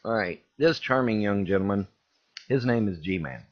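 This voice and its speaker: A man's voice: fairly low pitch, lively intonation, moderate pace. A man giving an indignant, repetitive ranting commentary as a video host. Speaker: YouTube commentator. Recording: dull lo-fi recording.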